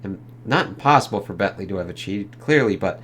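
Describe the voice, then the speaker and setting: A man voicing a calm, brainy male scientist hero who talks in a measured, analytical way. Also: low-pitched, voice pushed down.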